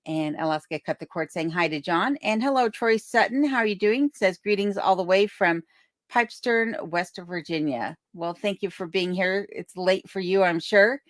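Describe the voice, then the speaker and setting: Low-voiced woman chatting on a livestream. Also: moderate pace, no room sound, studio quality. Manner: reads viewer comments aloud, chatty and thankful. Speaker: livestream host. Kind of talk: casual live chat. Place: remote home in Alaska. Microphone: desk microphone on a boom arm.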